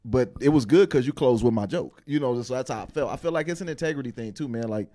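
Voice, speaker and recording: A man's voice: medium pitch, fast, mellow. A man, a comedian on a panel, talking earnestly and emphatically in casual slang. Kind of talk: casual chat.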